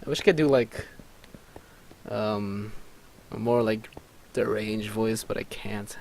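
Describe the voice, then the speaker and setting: A man's voice: lowish voice, fairly even intonation, slow, vocal fry, darkish tone, slight background noise. A man casually narrating a roleplay game as a let's play host, reading out chat with frequent chuckles. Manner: laid-back, chuckling, reads out chat.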